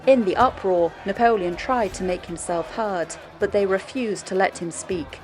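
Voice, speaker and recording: A woman narrating a history documentary in a measured, steady storytelling delivery. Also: medium pitch. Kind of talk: scripted narration.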